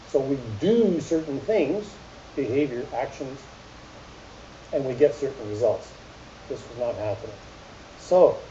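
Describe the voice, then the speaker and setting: A middle-aged man telling a story and giving an animated, joking talk to an audience. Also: a little high. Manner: animated, jokey, addresses audience directly. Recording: muffled echoey room recording with hiss.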